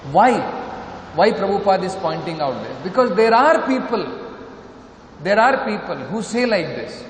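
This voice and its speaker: A man's voice: high voice, big pitch swings, normal speed. A man with an Indian accent giving a scripture lecture, emphatic, posing rhetorical questions and repeating his points. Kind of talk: sermon. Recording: echoey hall with faint noise.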